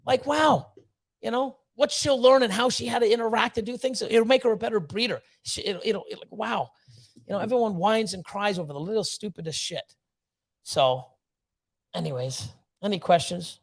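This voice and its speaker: This livestream rant comes from a snake breeder with a high-sitting voice and vocal fry, speaking at a moderate pace. He's blunt and fired up, swearing heavily while giving motivational talk to his stream.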